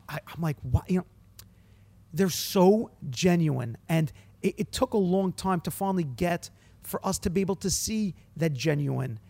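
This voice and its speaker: A man who teaches students, chatting casually on a podcast and telling animated stories full of acted-out quotes. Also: high voice, moderate pace, vocal fry. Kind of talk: casual chat.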